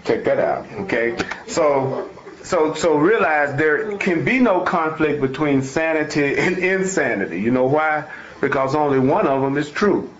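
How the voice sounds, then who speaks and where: A man's voice: fairly high pitch, expressive, measured pace. A man giving an informal spiritual talk, reading from a text and explaining it with emphatic repetition and folksy phrasing. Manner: emphatic and repetitive, restating each point. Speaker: spiritual teacher. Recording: echoey room, dull lo-fi sound.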